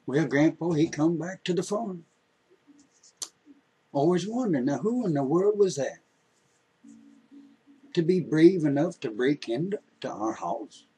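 A man telling a folksy story in an unhurried, homespun way. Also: on the high side, expressive, dark tone, husky, rough recording.

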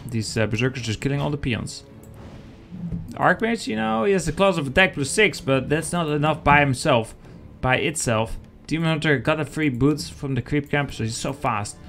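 A man casting a strategy game match live, chatty and excitable, talking to viewers as guys. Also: a little high. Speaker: esports caster.

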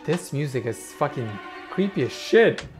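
A man's voice: fairly high pitch, lively intonation, a little slow, music in the background. A young man reacting to a clip with sarcastic, profane comments and exaggerated disgust.

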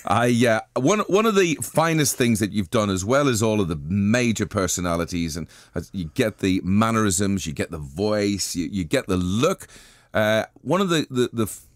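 A man's voice: lowish voice, lively intonation, moderate pace, no echo. A man hosting a breakfast radio show, enthusing about his guest in the studio. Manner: enthusiastic, effusive praise. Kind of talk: radio interview chat. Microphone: studio microphone.

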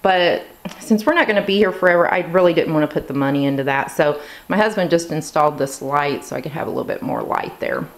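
A woman's voice: sits low, expressive, fast talker. A woman in her thirties giving a casual tour of her home kitchen, chatty with lots of ums and likes, a little out of breath, filming as she walks around. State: slightly out of breath. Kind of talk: casual walkthrough narration.

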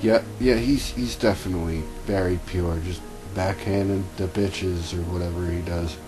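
Deep-voiced man mocking a fanfic. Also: steady tone, moderate pace, over music, rough recording. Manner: wry, mocking, stumbles and corrects himself. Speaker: fanfiction reader. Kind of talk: comedic reading with asides.

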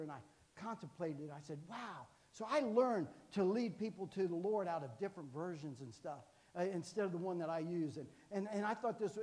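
In a church sanctuary, a sixties-aged guest preacher spins folksy, joking tales during his sermon, frequently calling out for an "amen." He has a high, darkish voice that rings out with a long reverberant tail.

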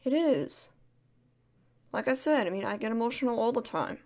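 A woman in a whispered role-play as a caring friend, talking softly and soothingly, repeating comforting words and shushing gently. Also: fairly high pitch, animated, moderate pace. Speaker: ASMR creator playing a caring friend.

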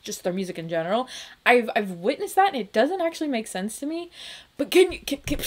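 A young woman reacting to music from a small room at home, emotional and gushing, laughing between words. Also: medium pitch. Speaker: reaction video host.

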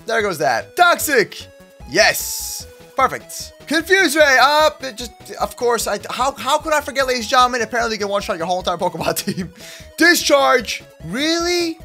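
A young man giving excited gameplay commentary as a YouTuber, shouting and laughing as he plays. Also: very high-pitched. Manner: hyped, shouty, laughs often, addresses "ladies and gentlemen". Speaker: gaming YouTuber.

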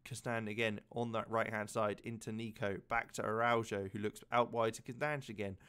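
A man giving casual, excitable play-by-play commentary over a video game match, chatty and quick to laugh. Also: fairly low pitch, clean tone. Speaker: gaming commentator.

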